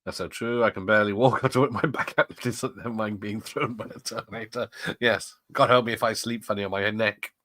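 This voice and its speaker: Chatty low-voiced man. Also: fairly even intonation, a little fast, sharp tone, no room sound. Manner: chatty, laughs often, rambling asides. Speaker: watch-party host. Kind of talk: casual live commentary reading chat.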